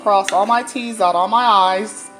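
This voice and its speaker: A woman chats through a personal story as she cooks at home, lively and quick to laugh. Her voice sits at an everyday middle pitch. Pans and cutlery clink beside her while soft music plays. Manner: animated, laughing, chatty. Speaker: dietitian sharing a personal story. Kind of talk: casual storytelling while cooking. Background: cooking clatter, faint music.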